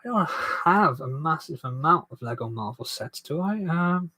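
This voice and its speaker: A man's voice: a little high, lively intonation, moderate pace, pushed and bright, breathy edge. A man hosting a casual live stream while building a toy set, rambling and self-deprecating as he reads viewer comments aloud.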